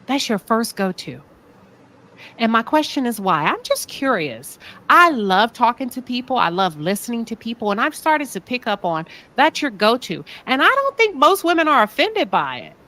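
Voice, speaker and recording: A woman's voice: on the high side, big pitch swings, moderate pace, sharp tone. A woman with a Southern American accent hosting a live talk show, asking pointed, sassy rhetorical questions. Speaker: show host.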